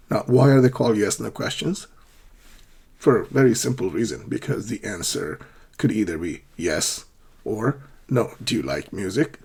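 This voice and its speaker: Brief: male ESL teacher, husky tone, lively up-and-down pitch, patient drills. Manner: patient, repeats examples with clear question intonation. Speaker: English teacher. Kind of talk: ESL grammar lesson.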